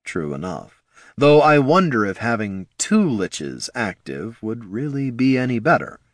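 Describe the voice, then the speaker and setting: A man voicing a brooding, guarded young male wizard who speaks slowly and quietly. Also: medium pitch, sing-song, no echo, clean studio sound. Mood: somber.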